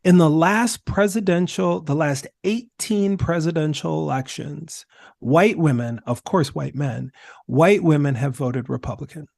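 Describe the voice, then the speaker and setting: A man speaking as a podcast guest, telling stories in an emphatic, animated way. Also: fairly high pitch, unhurried, gravelly, no room sound, studio quality. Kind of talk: conversational discussion.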